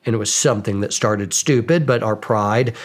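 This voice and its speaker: A man, a podcast guest, telling casual stories about himself in a lively, self-mocking way, acting out bits of dialogue. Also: on the low side, moderate pace. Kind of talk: casual storytelling. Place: podcast studio.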